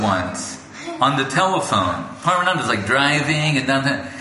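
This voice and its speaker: Bright-voiced man giving a devotional talk. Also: mid-range voice, sing-song, normal speed. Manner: storytelling, acts out quoted voices. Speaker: spiritual lecturer. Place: gathering hall. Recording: echoey room with faint background noise.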